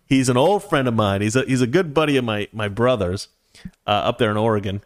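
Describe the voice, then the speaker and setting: A US man in his forties hosts a casual political commentary show, giving opinionated takes straight to his viewers. His medium-pitched voice is brisk, and the studio-quality recording has no echo.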